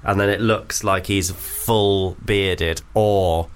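A man's voice: sits low, steady tone, takes it slowly, slight background noise. Joking man co-hosting radio. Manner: laughing, joking banter. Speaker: radio co-host. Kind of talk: comedic radio chat.

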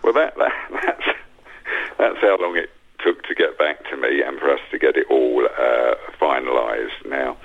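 A man, a comedian guest on a radio interview over a phone line, telling rapid-fire one-liners. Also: extremely low pitch, creaky.

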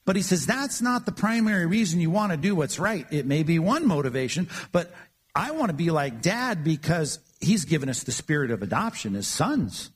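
A man's voice: a little high, big pitch swings, moderate pace, husky. A man preaching a sermon, earnest and emphatic, often repeating words as he builds his points. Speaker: pastor.

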